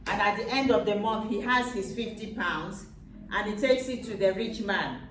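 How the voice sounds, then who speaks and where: A woman's voice: medium pitch, moderate pace, a bit bright. Woman telling a Bible story in a roomy space. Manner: patient, explains with repetition. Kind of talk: simple storytelling for a child. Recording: roomy, distant mic with faint noise.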